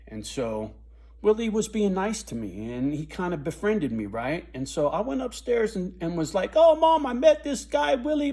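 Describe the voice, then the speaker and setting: A man's voice: mid-range voice, a little mellow, slightly rough. A man vlogger telling a painful personal story to camera, in a blunt, profane and intense way.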